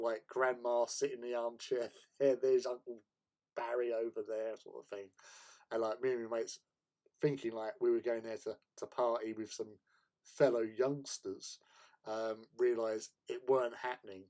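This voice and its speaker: An Englishman with a mid-pitched voice chats casually while painting miniatures on his hobby stream. He rambles through stories with lots of fillers and frequent laughs. His is easygoing and unpolished. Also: level tone, moderate pace, a little mellow. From England. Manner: rambling anecdotal storytelling, laughs often.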